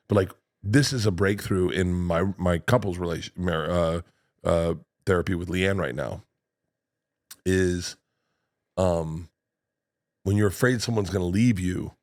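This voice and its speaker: Low-voiced rowdy storytelling man. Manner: animated storyteller, acts out scenes. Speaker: comedian guest. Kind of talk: casual podcast chat.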